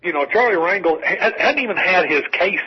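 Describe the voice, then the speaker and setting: A man's voice: high voice, lively intonation, fairly quick, breathy edge. A man co-hosting a casual political talk radio show, rambling with many restarts and wry asides. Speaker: call-in co-host. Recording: dull lo-fi radio broadcast.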